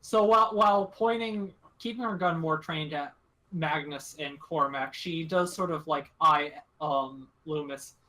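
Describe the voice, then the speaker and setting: A man narrating as game master in a tabletop role-playing game. He is hesitant and fills gaps with ums. His voice sits fairly high and sounds bright and sharp. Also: measured pace.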